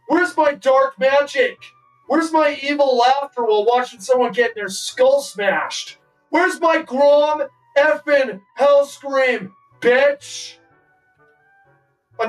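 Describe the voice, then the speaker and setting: A man in his forties rants with profane sarcasm at an unhurried pace. He sits a little off the microphone, with faint music playing underneath. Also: very high voice. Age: 40s. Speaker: streamer. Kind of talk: casual ranting stream commentary. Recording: distant mic with faint music.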